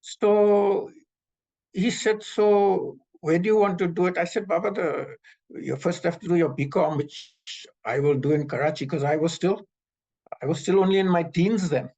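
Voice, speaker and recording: A man in his seventies, from Pakistan, telling memories as an animated storyteller who acts out the dialogue. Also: fairly high pitch, normal speed, muffled recording. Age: 70s. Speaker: interviewee recounting memories. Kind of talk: storytelling reminiscence. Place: North America.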